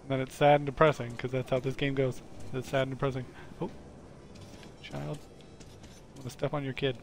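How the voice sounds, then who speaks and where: Over a noisy background, a man with a medium-pitched, level voice and some vocal fry speaks fairly fast while live-streaming a game. His commentary is casual and jokey, and he addresses the characters directly.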